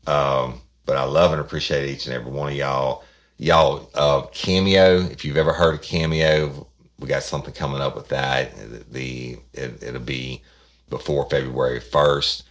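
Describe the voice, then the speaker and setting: A man's voice: a bass voice, steady tone, moderate pace. A man hosting a podcast, talking casually in a rambling, folksy way to his listeners. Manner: rambling, folksy, many restarts. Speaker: podcast host. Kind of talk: casual chat.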